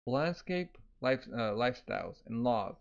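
A man's voice: medium pitch, animated, moderate pace, creaky. A man voicing an earnest young man, a former gang lieutenant, as he reads a manga aloud. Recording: slightly dull lo-fi audio.

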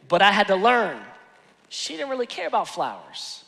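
A man preaching a sermon as pastor, telling stories with animated swings from hushed asides to shouted lines. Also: high-pitched, moderate pace, vocal fry. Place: large church hall. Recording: long hall reverb.

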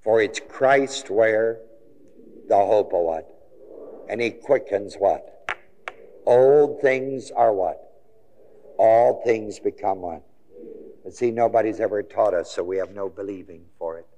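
A male preacher delivering a sermon, quizzing listeners with questions and swinging from low murmurs to high, ringing exclamations. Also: slow pace, long pauses, warm tone, a little hiss or hum. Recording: long hall reverb.

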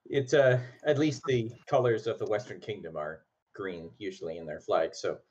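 A man narrating a tabletop game as game master, relaxed and hesitant, with many pauses and filler words. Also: fairly low pitch, husky, lo-fi sound.

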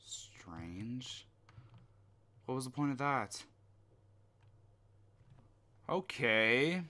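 A young man talks his way through a horror game at an unhurried, drawn-out pace, mostly muttering to himself. His voice has a bright, sharp edge, and he swears and yelps when something startles him. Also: medium pitch, animated, clean tone. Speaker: gameplay commentator. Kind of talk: horror game let's play commentary.

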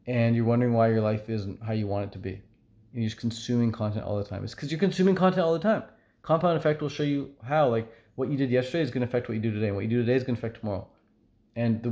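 A man's voice: medium pitch, warm tone. A man vlogging casually to camera, chatty and upbeat, with frequent fillers. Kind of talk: casual talking-to-camera vlog.

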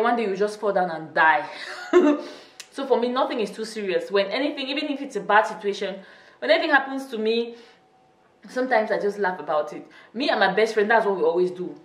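A young woman talks casually to her channel viewers, chatty and quick to laugh. Her voice sits a little back from the mic in an echoey room. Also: mid-range voice, recorded from a distance. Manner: chatty, laughs often, teasing. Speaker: YouTuber. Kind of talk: casual vlog chat.

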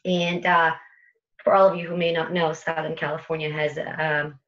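A woman's voice: low voice, level tone, moderate pace, a bit bright, muffled recording. A woman who runs an internet radio station, telling a vivid, dramatic story to an audience with repeated phrases. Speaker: internet radio station host giving a talk.

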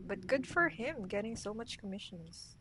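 A woman's voice: mid-range voice, lively intonation, moderate pace, background noise. A woman streaming a horror game, talking to herself with jumpy, scared outbursts. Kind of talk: horror game let's play commentary.

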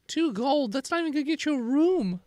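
Playful game master, lively pitch. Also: fairly quick, no echo, studio quality. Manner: playful, laughing, pops into high squeaky voices for side characters. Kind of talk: narrating a tabletop game, playing townsfolk.

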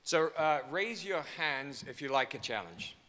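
A man with an English accent speaking to a conference audience, joking and persuasive, repeating his pitch for emphasis. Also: lively intonation, measured pace, sharp tone. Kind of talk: keynote speech to a conference audience. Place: large conference hall. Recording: long hall reverb.

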